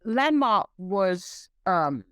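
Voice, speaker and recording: A woman interview guest telling stories in a lively way, acting out quoted voices. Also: mid-range voice, drawn-out words, smooth, no echo. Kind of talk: storytelling in conversation.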